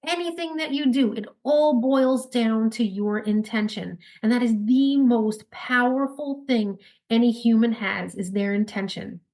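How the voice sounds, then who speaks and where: Woman, New York accent, fairly high voice, quick and bubbly, casual interview guest. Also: a little mellow. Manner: quick, upbeat, bubbly, with laughs. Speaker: podcast guest, spirit baby intuitive.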